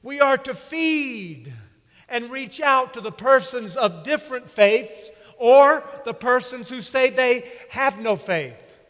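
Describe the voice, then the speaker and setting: A man preaching a sermon with slow, emphatic delivery and dramatic pauses. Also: extremely high pitch, expressive, fairly bright tone. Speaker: pastor. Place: church sanctuary. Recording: long reverb of a church hall.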